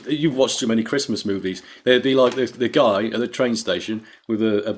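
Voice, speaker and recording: Male podcast co-host, lowish voice, rambling and sweary banter. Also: normal speed, slight background noise. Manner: rambling, sweary, laughs easily. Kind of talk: casual comedy chat.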